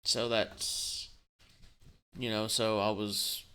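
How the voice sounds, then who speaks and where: A man talking casually on his channel, subdued and tired, rambling with halting restarts and the odd curse. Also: lowish voice, level tone, bright, forceful tone, clear, resonant tone. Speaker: gaming channel host. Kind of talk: casual vlog talk.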